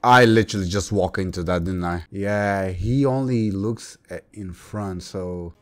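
Male gamer, lowish voice, exasperated play-by-play full of swearing and outbursts, faint background hum. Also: unhurried. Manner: exasperated, swearing and loudly exclaiming. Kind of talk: gameplay commentary.

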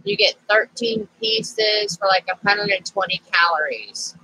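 A woman's voice: medium pitch, huge pitch swings, a little slow, sharp tone, slight background noise, poor audio. A woman vlogging casually to camera as she works on a craft project, rambling and easily sidetracked.

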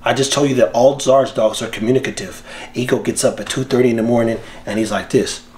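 A man hosting his own channel, talking casually to the camera about breeding dogs in an animated, slangy way with frequent laughs. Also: medium pitch, fast, slight background noise. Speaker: dog breeder and channel host.

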